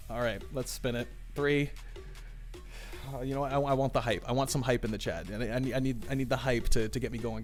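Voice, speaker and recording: A man hosting a livestream, chatty and excitable, often repeating his phrases as he reads the chat. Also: medium pitch. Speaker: livestream host running a tournament draw. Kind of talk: live-stream commentary reading chat.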